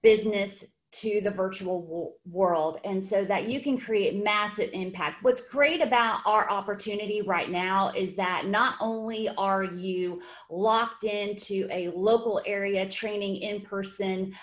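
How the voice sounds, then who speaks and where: A woman's voice: mid-range voice, unhurried, few pauses. A woman hosting a webinar for fitness trainers, with an upbeat, encouraging, conversational manner. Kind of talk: webinar presentation.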